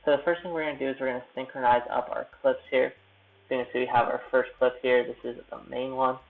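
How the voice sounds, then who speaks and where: Quick and fry-laden, his mid-range voice barely shifts in pitch as the young YouTube creator chats on a live stream from his hotel room. He rambles and jokes at his own expense while editing, heard through tinny audio that resembles a phone.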